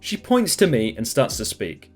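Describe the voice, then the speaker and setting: A man narrates a first-person story with an animated, rising and falling delivery. His pitch sits mid-range for a man. Faint music runs under the reading. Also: normal speed.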